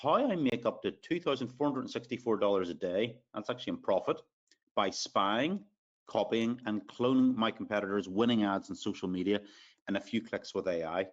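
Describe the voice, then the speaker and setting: A man with an Irish accent and a voice on the low side hosts a live sales webinar at a moderate pace, captured in a muffled recording. He's chatty, uses many fillers and reads out audience names as he goes.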